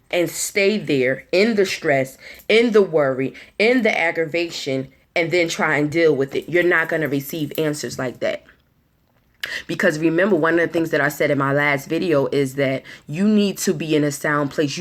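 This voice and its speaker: A woman giving an earnest motivational talk, repeating herself and restarting words as she goes. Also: sits low. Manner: acts out anxious inner voices in quick asides. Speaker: motivational speaker.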